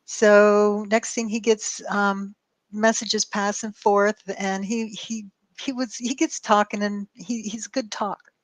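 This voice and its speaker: A woman's voice: mid-range voice, little pitch movement, measured pace, no echo. A woman telling a long story on a call show, acting out both sides of the dialogue and swearing freely. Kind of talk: casual storytelling chat.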